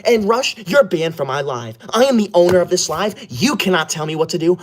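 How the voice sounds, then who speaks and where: A man's voice: high-pitched, expressive, a little fast. A man playing a bossy, touchy schoolboy livestreamer who is obsessed with rules, in a comedic livestream parody, talking in a scolding, indignant way.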